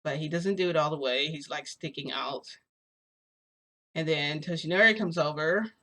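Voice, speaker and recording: A woman's voice: deep voice, normal speed, sharp tone. Rambling young woman telling a story. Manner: rambling, filler-heavy, hesitant. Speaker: vlogger. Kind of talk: casual storytelling.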